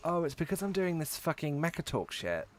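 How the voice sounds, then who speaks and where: Swearing often, a man from England whose accent carries a hint of the Midlands chats and rambles as he streams a game. He talks briskly in a slightly high, sing-song voice, with a little hiss or hum on the recording.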